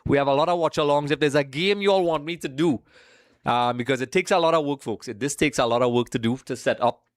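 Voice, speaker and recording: A man's voice: medium pitch, fast talker, dry recording, studio quality. A man from Trinidad, hosting a live watch-along stream in a casual, chatty way, greeting viewers by name and calling them folks.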